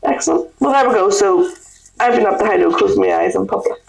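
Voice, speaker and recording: A woman's voice: medium pitch, fast, creaky, recorded from a distance, poor audio. A woman, co-hosting a podcast and trading jokey, teasing banter in casual chat. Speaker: podcast co-host.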